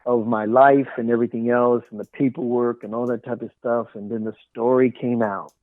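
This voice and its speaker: Over a tinny line that sounds like a phone, a man who is an author tells his emotional life story as an interview guest. He speaks briskly and earnestly, in a medium pitch with fairly even intonation, softening in quiet moments, and there's no echo.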